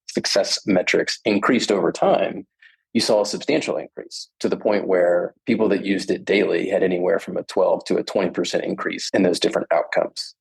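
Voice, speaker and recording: A man with a low voice speaks as a guest on a podcast. His tone is gravelly and a bit husky. He lays out his ideas in a thoughtful, explanatory way. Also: poor audio. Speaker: podcast guest, management professor. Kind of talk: conversational explanation.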